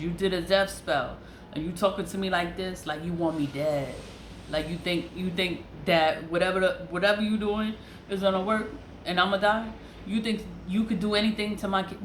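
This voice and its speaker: A woman rants in a heated, profane monologue, hammering her points with repetition. Her voice sits a bit low. The room sounds roomy, with a faint hum of noise behind her. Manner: heated, profane, repeats herself for emphasis. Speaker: online seller and vlogger. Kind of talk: candid venting monologue.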